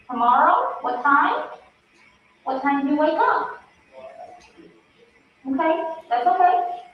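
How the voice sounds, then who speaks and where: A woman speaks gently and coaxingly, urging someone to breathe in short repeated phrases, her voice sitting a little high. The bedside recording is distant and echoey, muffled, with faint noise behind it. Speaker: investigator interviewing a hospital patient. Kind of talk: bedside interview recording played in court. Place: hospital room.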